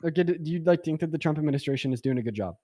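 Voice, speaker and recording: A man's voice: a little high, lively intonation, very fast, warm tone, no echo, clean studio sound. A young adult man hosting a livestream debate, casual and rambling with lots of fillers, often sarcastic.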